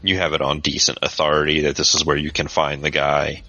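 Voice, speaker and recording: Very deep-voiced man game master. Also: completely flat delivery, brisk, sharp tone, no echo. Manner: casual, filler-heavy description. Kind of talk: narrating a tabletop game. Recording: dull lo-fi podcast audio.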